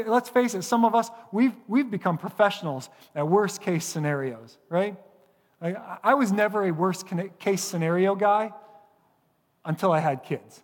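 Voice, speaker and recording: A man in his thirties preaching a sermon, self-mocking and sarcastic, telling stories with lots of animation. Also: high voice. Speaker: pastor. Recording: long hall reverb.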